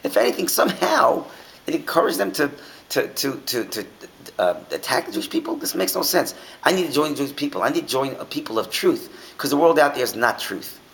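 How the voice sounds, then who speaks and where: Animated man teaching a Torah class. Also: on the high side, fairly quick, vocal fry, a little hiss or hum, low-quality recording. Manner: animated, asks many rhetorical questions, frequent restarts.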